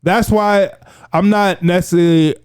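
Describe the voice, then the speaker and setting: Smooth-voiced man on a dry mic. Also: sits high, normal speed, no room sound. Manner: relaxed, reflective, swearing. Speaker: podcast guest, music producer. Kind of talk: casual podcast chat.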